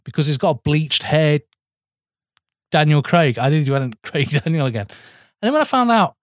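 A man in casual podcast chat, eager and a bit sweary, calling his co-host mate. His voice sits slightly high for a man. The sound is dry and close. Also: lively intonation, moderate pace, no echo. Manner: enthusiastic, swears, keeps saying "mate".

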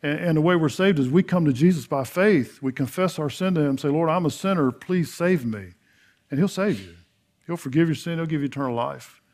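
Man, middle-aged pastor, sermon, folksy storyteller, slightly raised pitch, loud then hushed. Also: expressive, fairly quick. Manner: folksy storytelling, acts out biblical dialogue; swings from loud emphatic to hushed earnest.

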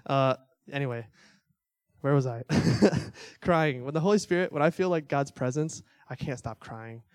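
A man's voice: medium pitch, measured pace, a little mellow, no echo, clean studio sound. A young man giving a casual, conversational church teaching, full of fillers and little laughs. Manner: conversational, filler-heavy, self-deprecating laughs.

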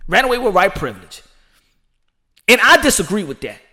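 A man with a high, bright voice gives loose, rambling boxing commentary. He's animated and laughs freely as he riffs. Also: fairly quick. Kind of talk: casual commentary.

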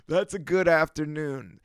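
Laid-back gravelly podcast guy. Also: a little high, dry recording, studio quality. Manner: loose, laughing, stoned riffing. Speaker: podcast host. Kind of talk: casual rambling monologue.

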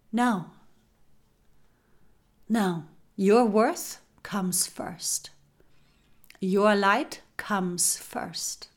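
A woman hosting a spiritual podcast speaks at a slow, unhurried pace in a mid-range voice. Her phrasing repeats like an incantation, and she often drops into a whisper to stress a point. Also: medium pitch. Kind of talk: slow spiritual guidance talk.

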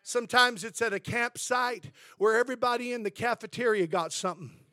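A high-pitched man preaching with a bright, forceful edge. He tells stories and keeps dropping in amens and praise interjections, climbing to shouts at the peaks. The sound is dry and close. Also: fairly quick, no room sound. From Southern California. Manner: storytelling preacher, rising to shouts. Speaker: pastor. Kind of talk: sermon.

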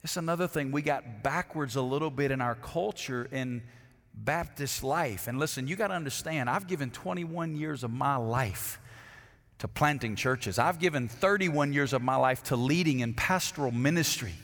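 A middle-aged man, a pastor, preaching a sermon, swinging between loud emphatic declarations and hushed, intimate asides. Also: medium pitch, normal speed, long reverb tail.

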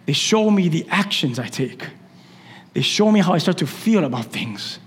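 A man preaching a sermon as the pastor, impassioned, swinging between shouts and hushed lines. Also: a little high, sing-song, moderate pace, long reverb tail.

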